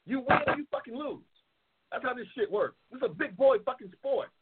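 A man's voice: very high-pitched, animated, fairly quick, husky. Angry profane man on a tinny line. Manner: angry, profane, repetitive ranting. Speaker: talk show host. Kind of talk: profane ranting monologue. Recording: tinny phone-line audio.

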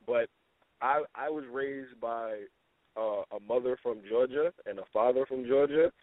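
A man's voice: medium pitch, measured pace, no echo. A man in his twenties co-hosting a casual radio call-in show, telling stories with a laugh and teasing a caller. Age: 20s. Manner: laughing, storytelling, playful teasing. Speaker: co-host. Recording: tinny phone-line sound.

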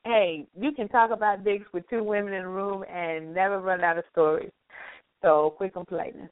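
A woman co-hosting a late-night radio talk show, chatting casually and reading shout-outs. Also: medium pitch, fairly even intonation, normal speed, no echo. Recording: dry phone-line sound.

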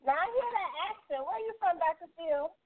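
A woman's voice: very high-pitched, animated, brisk. A woman hosting a casual online interview, asking upbeat and enthusiastic questions. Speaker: host. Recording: tinny phone-like call audio.

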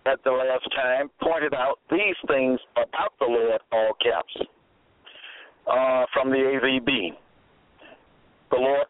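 A man lectures on scripture at an unhurried pace, hammering home phrases by saying them again and again. His voice comes through a thin, phone-like band with a dry, close sound. It sits at an everyday male pitch. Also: dry recording. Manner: slow, emphatic, repeats phrases. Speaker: radio Bible program host. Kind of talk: slow deliberate radio Bible lecture. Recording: tinny phone-like dry audio.

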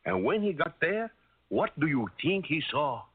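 A man's voice: fairly high pitch, big pitch swings, normal speed, noisy background. Style: lilting man narrating a children's record. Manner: gentle, lilting storybook telling. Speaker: storyteller. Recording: tinny lo-fi old record with music.

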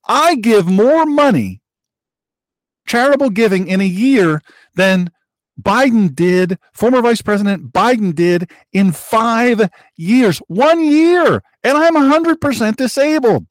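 Speaking slowly and expressively with no room sound, a man hosting an online broadcast gives emphatic political commentary. He's heated, repeating himself with sharp leaps in pitch.

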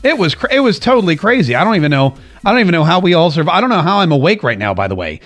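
A man hosting his own talk show in a casual, jokey monologue, animated and doing voices when he quotes people. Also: fairly high pitch, rapid-fire, faint music behind. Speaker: radio talk show host.

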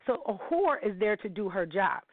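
A woman's voice: mid-range voice, big pitch swings, normal speed, dry recording. A middle-aged woman, hosting a candid monologue in a blunt, profane, storytelling manner. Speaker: podcast host. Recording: dry tinny phone-like audio.

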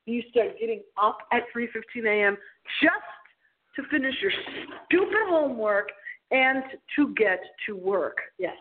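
A woman's voice: fairly high pitch, animated, measured pace, slight background noise. A woman hosting a late-night radio show, talking in a theatrical, playful, giggly way as she tells a story. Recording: tinny phone line.

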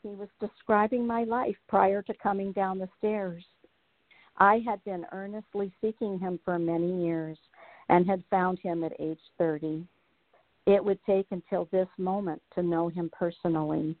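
A woman in her late fifties, appearing as a guest on the show, earnestly reads her personal story aloud and then talks it over. Her lowish voice is steady and moderately paced, heard with no echo over a tinny phone line.

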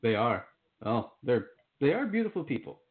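A man's voice: mid-range voice, big pitch swings, moderate pace. A man, an author being interviewed, talking in an upbeat, casual and enthusiastic way. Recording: tinny phone-like line.

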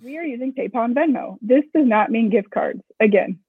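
A woman co-founder of a screen printing shop, talking briskly and casually in an interview, with joking asides. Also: a little high, lively intonation, husky, dry recording. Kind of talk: casual explanatory interview talk. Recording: tinny phone-like audio, dry.

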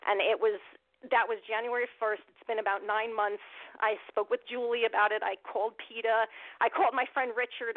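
A woman's voice: mid-range voice, no room sound. Woman, interview guest over the phone, heartfelt, rambling, lots of ums, dry and tinny. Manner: emotional, rambling, many fillers and restarts. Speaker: guest, animal rights activist. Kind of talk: telling a personal story in an interview.

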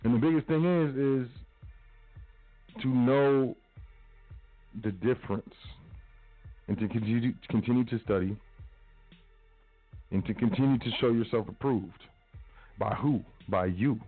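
A man's voice: mid-range voice, slow pace, long pauses, no echo, faint music behind. A man hosting a talk radio show, speaking casually and emphatically and repeating his phrases. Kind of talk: motivational talk radio monologue. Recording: tinny phone-like line, dry.

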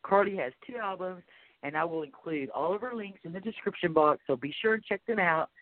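A woman's voice: on the low side, fairly quick, dry recording. A woman with a Texas accent hosting an interview, chatty and enthusiastic. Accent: Texan. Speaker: host. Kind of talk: casual interview. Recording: tinny phone-like line, dry.

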